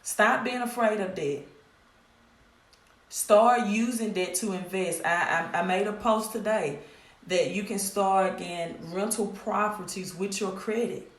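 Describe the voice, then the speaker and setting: A middle-aged woman with a Mississippi accent, hosting a casual live stream about her credit repair business in a direct, scolding way that repeats points. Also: fairly low pitch. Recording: echoey room.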